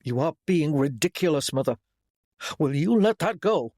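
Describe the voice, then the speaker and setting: A man's voice: on the high side, moderate pace, no echo, studio quality. A man playing a firm young nobleman. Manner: firm, reasonable, steady. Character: young nobleman, protective husband and son. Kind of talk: audiobook character voice.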